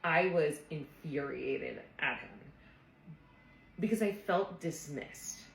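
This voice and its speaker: Low-voiced woman telling a personal story. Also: lively intonation, slow pace, vocal fry, echoey room, low-quality recording. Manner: earnest, reflective, frequent "like" fillers. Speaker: therapist. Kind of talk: casual personal storytelling to camera.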